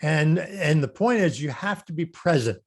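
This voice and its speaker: A man's voice: a little high, expressive, moderate pace, darkish tone, slightly rough. A middle-aged man speaking as an interview guest, earnest and conversational, often repeating and restarting words as he makes his point. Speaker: guest, customer service speaker. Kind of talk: casual interview chat.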